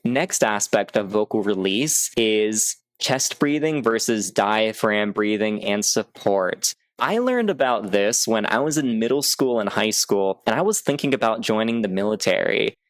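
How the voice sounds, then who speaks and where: A man coaching public speaking in an upbeat, clear teaching manner, sometimes breaking off to demonstrate vocal exercises. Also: fairly low pitch, animated, measured pace, few pauses, no echo, clean studio sound. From United States. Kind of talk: instructional video talk.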